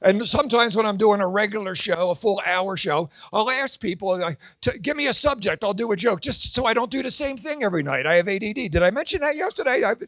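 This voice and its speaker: High-voiced older male comedian, dry sound. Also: lively intonation, a bit bright, no room sound. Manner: jokey, quick asides, puts on high voices for characters. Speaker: stand-up comedian. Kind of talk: stand-up comedy set. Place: church fundraising gala.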